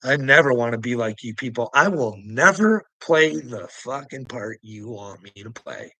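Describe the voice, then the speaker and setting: A man's voice: medium pitch, expressive, moderate pace, bright, forceful tone, no room sound, poor audio. A man ranting in a rambling video monologue, agitated and swearing heavily, close to the mic. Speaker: religious video commentator.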